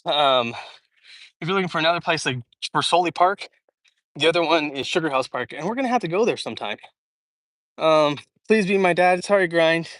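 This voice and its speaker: With a slightly high, bright, expressive voice, an Idaho-born young man talks fairly quickly but pauses often while he reads and responds to chat. He's hosting a casual walk-and-talk livestream through a large public park, sweating in the heat and rambling with many fillers and restarts. There's no echo.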